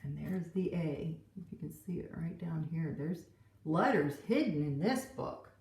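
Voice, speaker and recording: A woman teacher reading a picture book and a Bible story to children in an animated storytelling way. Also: deep voice, unhurried. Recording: roomy, from a distance.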